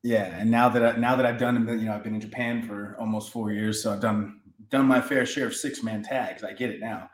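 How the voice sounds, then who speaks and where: A man's voice: on the low side, fairly even intonation. Laid-back man guest in an echoey room. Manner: laid-back, halting with restarts. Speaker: guest wrestler. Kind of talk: casual interview chat.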